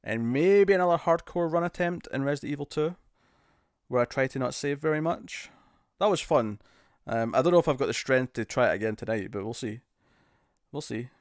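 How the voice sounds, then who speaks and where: A man's voice: medium pitch, expressive, a little fast, no room sound. British guy chatting on his livestream, jokey and laughing a lot, normal middle voice, dry close sound. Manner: laughing, jokey, attempts bad celebrity impressions. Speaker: streamer host. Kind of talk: casual live-stream chat.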